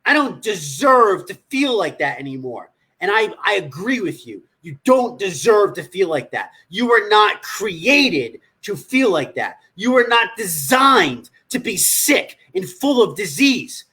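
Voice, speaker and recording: A man speaks on a livestream as a nutrition coach, with a husky, slightly rough voice. His talk is blunt and profane, and he scolds his listeners directly. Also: sits high, big pitch swings, a little slow, few pauses, pushed and bright.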